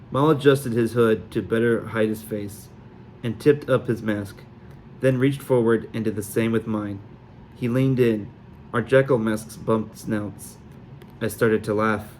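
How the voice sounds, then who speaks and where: A man narrating a novel aloud in a steady reading voice with occasional small slips. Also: mid-range voice, slight background noise. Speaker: audiobook reader. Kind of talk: amateur audiobook narration.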